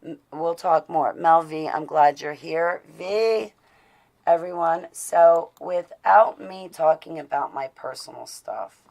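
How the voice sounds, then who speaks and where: Low gravelly lady rambling on a video call stream, lots of ums. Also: slow pace, a little mellow, rough recording. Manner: affectionate, rambling, many fillers. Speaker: host of an online show. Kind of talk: casual live-stream chat.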